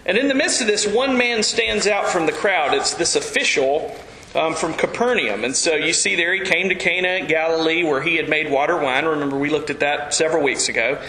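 A man preaching an earnest, animated sermon as pastor. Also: fairly high pitch, a little fast, echoey room, slight background noise, low-quality recording.

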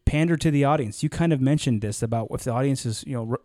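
A man co-hosting a podcast in casual chat, animated and rambling, with lots of fillers and restarts. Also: medium pitch, fast talker, no room sound, studio quality. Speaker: podcast co-host.

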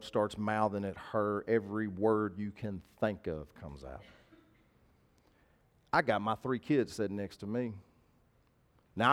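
Animated pastor preaching. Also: male voice, fairly low pitch. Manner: animated, conversational preaching with emphatic repetition. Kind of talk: sermon with personal storytelling.

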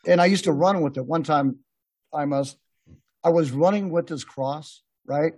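A man's voice: fairly high pitch, moderate pace, a little mellow, breathy edge, no echo. A man hosting a podcast, telling rambling, laughing anecdotes in a casual chat with many restarts. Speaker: podcast host. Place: podcast room.

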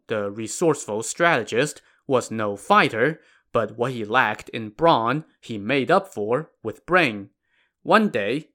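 Animated male podcast storyteller. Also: medium pitch. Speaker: podcast host. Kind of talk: scripted story narration.

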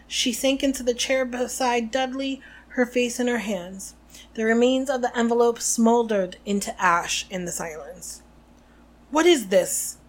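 Woman podcast host reading a book out loud, expressive, slightly high voice. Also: normal speed. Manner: expressive read-aloud narration. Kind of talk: reading a novel aloud and chatting.

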